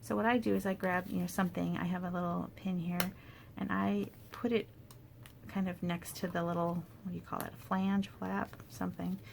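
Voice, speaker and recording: A woman demonstrating paper crafts in a casual tutorial, chatty and thinking aloud with soft asides under her breath. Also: fairly low pitch, flat delivery, moderate pace, creaky, noisy background.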